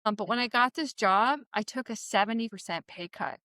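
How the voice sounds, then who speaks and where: A woman in her forties, a podcast guest, telling a story in casual chat, animated and laughing often with many fillers. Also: on the high side, fairly quick, no echo, clean studio sound. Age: 40s.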